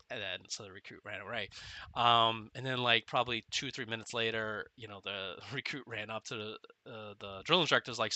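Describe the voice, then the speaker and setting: Rambling ex-Marine gamer in his forties, very sharp forceful voice, dry close sound, laughs through his war stories. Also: fairly low pitch, normal speed, no echo. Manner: rambling storytelling, often laughing, filler-heavy. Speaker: gameplay commentator and former Marine. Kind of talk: casual commentary while playing.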